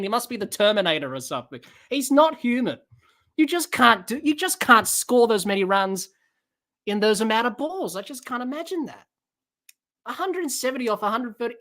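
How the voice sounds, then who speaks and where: A woman hosts a live cricket watch-along podcast with a bright, forward voice that sits a little high. She talks listeners through each ball, reads their comments aloud and breaks into excited shouting when the big shots land.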